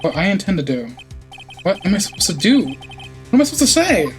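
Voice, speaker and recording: A man's voice: high voice, big pitch swings, a little fast, faint music behind. A man voicing an anxious young defense attorney who sounds flustered and unsure. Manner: flustered, questioning. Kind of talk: game dialogue read aloud.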